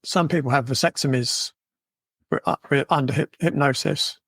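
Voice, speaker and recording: A man hosting a podcast, talking in a relaxed way and often affirming his guest. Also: mid-range voice, moderate pace, breathy edge, dry recording. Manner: relaxed, affirming with frequent yeahs and mms. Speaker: podcast host. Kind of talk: podcast conversation.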